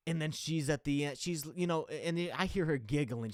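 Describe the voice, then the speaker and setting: A young man hosting a comedy podcast, telling a rambling, casual, funny story in a laid-back way that gets animated as it goes. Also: fairly high pitch, a little fast, few pauses, clear, resonant tone, no room sound, clean studio sound.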